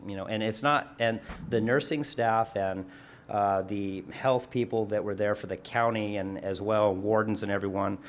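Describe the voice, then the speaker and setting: A man chatting casually as a show's co-host, telling a long work story in a rambling way with self-corrections and acted-out quotes. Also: on the low side. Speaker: workplace class instructor. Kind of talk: casual chat.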